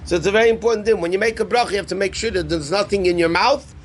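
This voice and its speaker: A rabbi teaching a live class on Jewish law, explaining terms conversationally and asking the class questions. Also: male voice, high voice, very fast, slight background noise. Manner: answers student questions.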